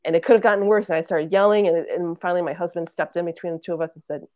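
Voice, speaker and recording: A woman's voice: fairly low pitch, steady tone, very fast, mellow, dry recording, muffled recording. A woman in her thirties, a podcast guest, earnestly telling a family story in casual conversation and acting out what relatives said. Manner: earnest storytelling, acts out quoted family members.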